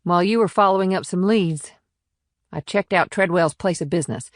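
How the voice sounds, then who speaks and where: A woman's voice: on the low side, brisk, no room sound, clean studio sound, natural voice. A woman voicing a blunt, plainspoken small-town police officer in an audiobook. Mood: matter-of-fact. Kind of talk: audiobook character reading.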